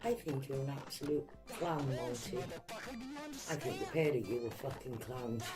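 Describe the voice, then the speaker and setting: A woman's voice: extremely low pitch, normal speed, over music. A woman from Wales with a Welsh accent, ranting combatively and swearing freely in a vlog. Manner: combative, profane, mocking. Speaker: vlogger. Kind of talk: angry vlog rant.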